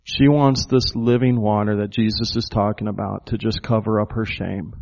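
A man's voice: fairly low pitch, steady tone, moderate pace, vocal fry, a little mellow, highs cut off. A man preaching a sermon, emphatic and full of rhetorical questions to the congregation. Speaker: pastor.

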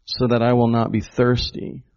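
A man's voice: mid-range voice, completely flat delivery, normal speed, a little mellow, lo-fi sound. A man preaching a sermon, emphatic and full of rhetorical questions to the congregation. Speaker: pastor.

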